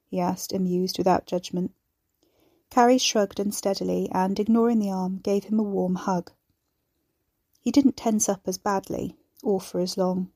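Mellow woman narrating a story. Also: mid-range voice, level tone, normal speed, slightly rough, dry recording, studio quality. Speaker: audiobook narrator. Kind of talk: scripted narration.

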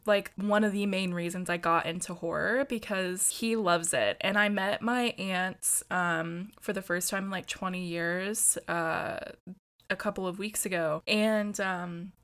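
A woman's voice: lowish voice, steady tone, a little slow, a bit bright. A young American woman co-hosting a podcast, telling stories in a chatty, wry way. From United States. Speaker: podcast co-host. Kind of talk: casual chat.

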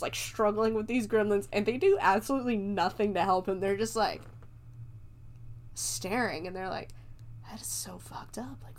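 A woman recapping a movie in a loose, joking way, with frequent laughs and swearing. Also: mid-range voice. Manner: loose and profane, laughs often, jokes along. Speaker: movie reviewer.

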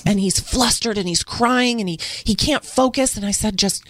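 On a podcast, a woman recounts moments with her children as a single mother, telling her personal story earnestly. Her voice is fairly high, her pace moderate, and the recording is dry.

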